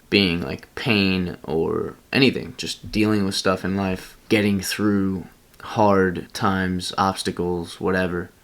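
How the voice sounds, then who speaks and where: Speaking to his camera in a deep, fairly bright voice, this young man from Pennsylvania rambles through a casual personal story as a vlogger, chuckling at himself along the way.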